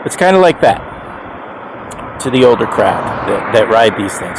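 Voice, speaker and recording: A man's voice: on the low side, big pitch swings, normal speed, long pauses, background noise. A man over fifty rambling casually to camera, chuckling often and restarting his sentences with emphatic repeats. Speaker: e-bike rider vlogger.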